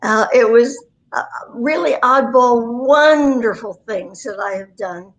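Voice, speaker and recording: A woman in her nineties chats as an interview guest, spinning rambling anecdotes with a wry, self-deprecating humor. Her voice sits a little on the high side. She is a voice performer swapping show-business stories. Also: slow, poor audio. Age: 90s. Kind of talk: chatty storytelling interview.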